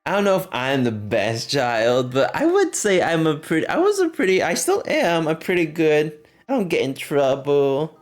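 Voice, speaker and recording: A man's voice: fairly high pitch, big pitch swings, normal speed, soft background music. A man livestreaming, chatting casually with his viewers and laughing often as he reacts to chat.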